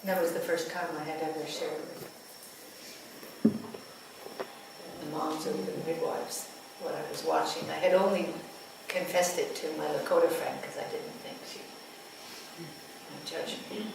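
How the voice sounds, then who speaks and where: A woman midwife recounts a birth story in an unhurried, hushed voice that often falls almost to a whisper. Her delivery is very slow and deliberate. The recording is taken from a distance in a strongly echoing room, with clear background ambience. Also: sits low, steady tone. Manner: slow, intimate, dropping to near whispers. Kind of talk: storytelling to a live audience. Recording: echoey room, distant mic, ambient noise.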